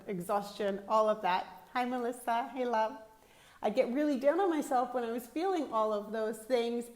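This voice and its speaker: A middle-aged woman coaching mothers in a live video, talking candidly to viewers and swearing casually. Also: a little high. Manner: emphatic, repeats phrases in lists.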